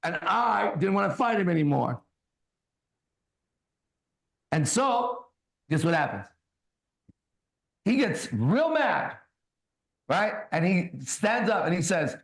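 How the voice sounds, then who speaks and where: A man hosting a ministry talk, telling a personal story in a loose, casual way and reading scripture slowly. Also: high voice, sing-song, vocal fry. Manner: casual, tags lines with "right?" and "bro", laughs often; reads scripture slowly and deliberately. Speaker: ministry host.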